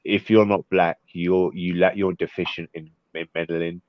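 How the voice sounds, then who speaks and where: Deep-voiced man, loose jokey call chatter, dull dry line. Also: flat delivery, moderate pace, dry recording. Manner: rambling, joking, frequent restarts. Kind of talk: casual group call chat. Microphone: video call.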